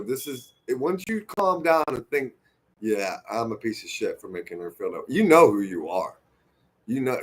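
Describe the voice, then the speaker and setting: A man's voice: medium pitch, fairly bright tone. A man streaming an unscripted rant to camera, heated and profane, rambling and restarting his sentences as he gets worked up. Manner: restarts and repeats himself when worked up.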